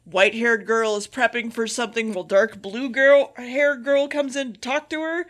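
A woman's voice: fairly high pitch, steady tone, moderate pace, hardly any pauses, fairly bright tone. A woman co-hosting a podcast, recapping an anime in a sarcastic, casual way and swearing freely. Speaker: podcast co-host.

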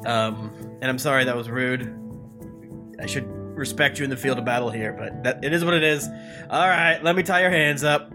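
A man playing a tabletop game, excitable and jokey. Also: medium pitch, normal speed, over music. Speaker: player.

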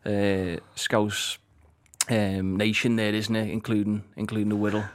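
A man's voice: lowish voice, level tone, a little slow. A man hosting a casual interview, asking rambling questions and teasing his guest. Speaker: podcast host.

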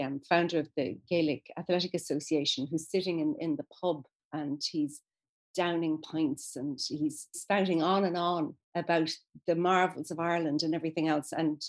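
A woman talks through a conversational interview about literature with a husky, somewhat low voice. She sounds thoughtful and enthusiastic, pausing to find her words. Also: a little mellow. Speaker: guest discussing literature.

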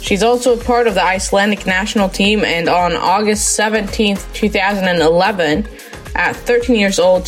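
A woman hosting a sports podcast, upbeat and friendly, reading a guest's career introduction. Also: lowish voice. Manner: upbeat and friendly, reads player bio. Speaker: podcast host. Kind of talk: podcast interview, partly read intro.

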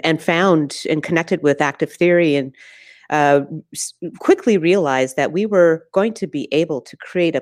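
Low-voiced woman, a thoughtful festival programmer. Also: a little mellow, no echo, clean studio sound. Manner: thoughtful, searching, many "uh" and "um" pauses. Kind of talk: interview answers.

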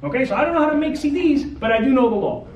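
A male lawyer giving a blunt, animated seminar talk to an audience of realtors, peppered with "okay" and "right". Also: extremely high pitch, rapid-fire, lo-fi sound. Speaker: real estate lawyer. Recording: roomy, distant mic with faint ambient noise.

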